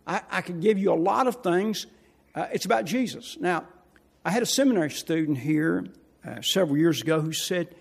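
Older male pastor, high husky voice, emphatic sermon with congregation questions. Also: expressive, normal speed. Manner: swings from loud emphatic preaching to quiet asides; repeats key phrases, asks the congregation questions.

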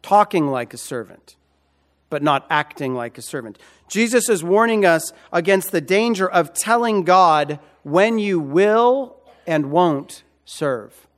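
Male pastor, sermon, high voice, slow delivery, repeats key phrases. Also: expressive. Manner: repeats key phrases, emphatic rhetorical questions.

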